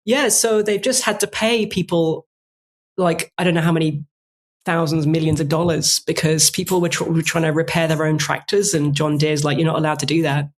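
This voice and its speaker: A woman's voice: deep voice, fairly even intonation, moderate pace. An English woman with a posh accent, chatting casually as an interview guest, laughing easily and talking with fillers. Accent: posh English (Cambridge-learned). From England. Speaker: author and falconer, guest.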